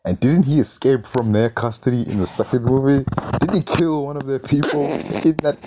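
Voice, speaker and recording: A man's voice: medium pitch, moderate pace, background noise. A man reviewing a movie in an exasperated, incredulous rant, swearing often and firing off questions. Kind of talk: ranting film review.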